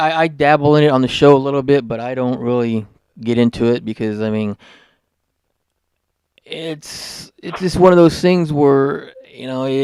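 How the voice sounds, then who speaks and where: An easygoing male podcast host with a gravelly yet smooth voice. He talks agreeably and repeats his words, and the recording sounds close and dry. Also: medium pitch, a little mellow, dry recording. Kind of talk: casual interview chat.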